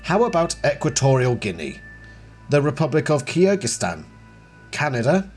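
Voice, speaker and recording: A patient middle-aged veterinarian dad, calm and level, whose voice hardens into quiet sternness, as a man reads him aloud over faint music. The tone stays mostly even, with a little lift here and there. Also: fairly high pitch, moderate pace, voice pushed up. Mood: quietly stern.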